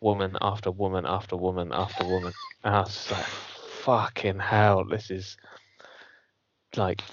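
A man's voice: low voice, level tone, moderate pace, noisy background. A man telling sweary, laughing stories in casual banter as a podcast co-host. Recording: dry, dull lo-fi sound.

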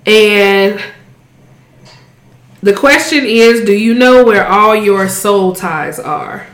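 A woman's voice: mid-range voice, slow. Blunt, profane woman in a roomy echo. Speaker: podcast co-host. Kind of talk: casual chat.

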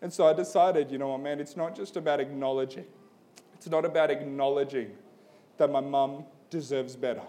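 A man's voice: medium pitch, fairly even intonation, a little fast, dark tone. A young adult man preaching a conversational sermon, telling a personal story loosely and then building to an earnest appeal. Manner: casual and storytelling, peppered with "like" and "man". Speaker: pastor.

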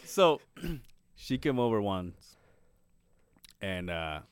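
A man's voice: on the low side, big pitch swings, extremely slow, clean tone. A man co-hosting a podcast, telling stories in casual chat, swearing a lot and acting out the people he quotes. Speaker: podcast co-host.

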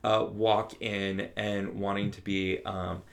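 A man's voice: fairly low pitch, level tone, slow pace, vocal fry. A man in casual podcast chat, easygoing and laughing along, hedging often as he talks a film through.

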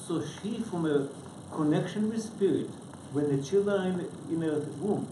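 Guy in a study group, kinda high voice, stops and starts a lot, echoey noisy room. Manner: halting, speaks in short broken phrases. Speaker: class participant. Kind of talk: group discussion comment. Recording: echoey room with noticeable background noise.

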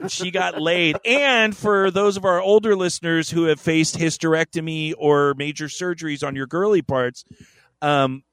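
A man's voice: fairly high pitch, moderate pace, fairly bright tone, smooth, no room sound. A man co-hosting a podcast, telling a story in a rambling, profane, joking way. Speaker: podcast co-host. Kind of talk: casual chat.

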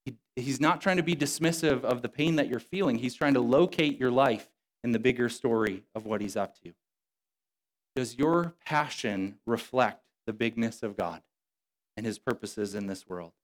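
A man's voice: mid-range voice, normal speed. A man preaching a sermon with a mid-range voice, easygoing and conversational. He slips into casual quoted lines as he retells a story, then returns to his point. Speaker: pastor.

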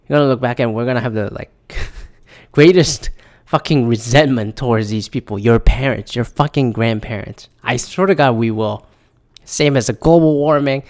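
Young man, podcast host, swearing, rambling rant, exasperated. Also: medium pitch. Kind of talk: casual ranting monologue.

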